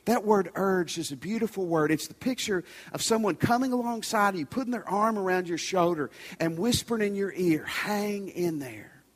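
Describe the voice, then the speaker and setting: High-voiced pastor preaching in a big reverberant church. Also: male voice, fairly quick, hardly any pauses. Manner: conversational preaching, urgent pleas dropping to soft near-whispers. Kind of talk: sermon. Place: large church sanctuary. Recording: reverberant large church hall.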